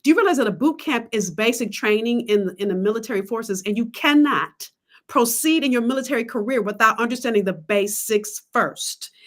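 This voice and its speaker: A woman business coach pitching her coaching program on a livestream, emphatic and preacherly, calling out to the audience. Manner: emphatic, testifying, calls out to the audience.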